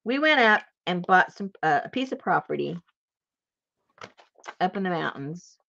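A woman's voice: lowish voice, a little slow, gravelly, dull audio, slight background noise. A woman telling a long personal story in casual chat, rambling and laughing as she goes. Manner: rambling, animated, laughs while telling stories. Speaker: crafter and channel host.

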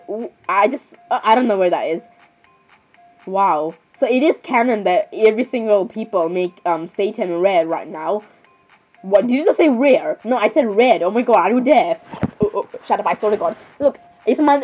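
A woman's voice: medium pitch, a little mellow, breathy edge, rough recording. A young woman in cosplay, rambling and bantering back and forth as she switches between characters. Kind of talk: cosplay skit reacting to videos.

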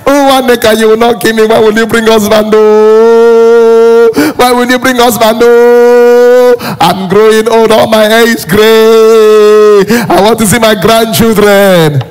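A man voicing an older mother who wails and pleads for grandchildren in a high, loud, drawn-out lament. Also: flat delivery, smooth. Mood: wailing.

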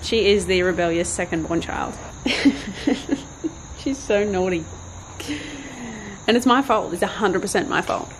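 A woman chatting casually outdoors in a backyard, vlogging while training her dog and calling to it in a high sing-song voice. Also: unhurried, long pauses, slight background noise, poor audio. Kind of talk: casual vlog chat.

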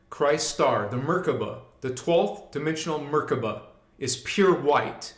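A man hosting a spiritual livestream, talking in a loose, slangy way while he leads chants and affirmations. His voice sits a bit high and moves at an unhurried, drawn-out pace. The sound bounces around a reverberant room. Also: lively intonation. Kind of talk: live spiritual teaching and chanting.

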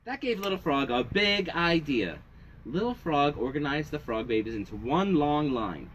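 A middle-aged man hosting a library story time, reading a picture book aloud to children in an animated, sing-song way. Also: fairly high pitch, moderate pace, slight background noise.

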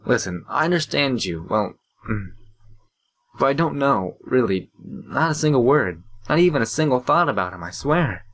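A man's voice: mid-range voice, animated, moderate pace, fairly bright tone. A man voicing a teenage girl who talks hesitantly, fumbling for words. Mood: nervous.

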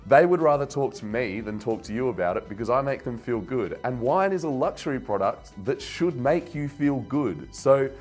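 A man's voice: medium pitch, very animated, a little fast, few pauses, soft background music. A young man hosting a wine channel, rambling casually and getting worked up, mocking himself as he goes. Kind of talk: casual rant to camera.

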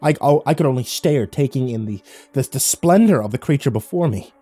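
A man reading a horror story aloud in a dramatic, slow, drawn-out narration. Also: medium pitch, animated, warm tone, dry recording.

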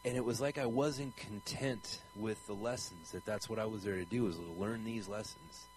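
A man's voice: on the low side, normal speed, soft background music, low-quality recording. A man speaking in a conversational preaching style, earnest and rambling, asking his listeners pointed questions. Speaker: traveling Christian preacher.

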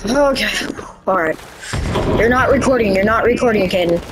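A woman's voice: mid-range voice, moderate pace, very noisy. A woman commenting on her own gameplay in a frustrated way, swearing often and complaining about her misses. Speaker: gamer. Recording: loud gunfire game audio behind voice.

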